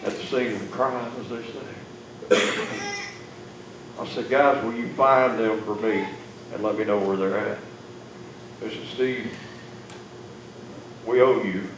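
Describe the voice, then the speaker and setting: A man telling an emotional personal testimony to an audience, folksy and plainspoken, with big swings in loudness. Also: fairly low pitch, steady tone, measured pace, long pauses. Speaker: testimony speaker. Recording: echoey room, far mic, noisy.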